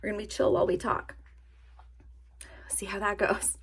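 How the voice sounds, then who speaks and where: A woman chatting casually to her camera in a vlog, animated and self-mocking, laughing at her own jokes. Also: medium pitch, moderate pace, slightly rough. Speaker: vlogger. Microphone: camera-mounted or nearby mic, sitting to film.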